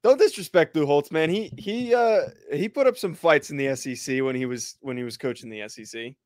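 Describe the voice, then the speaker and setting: Earnest sports podcast man, fairly high voice. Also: fairly quick, darkish tone, dry recording, studio quality. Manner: earnest, repeats words when starting. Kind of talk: casual chat.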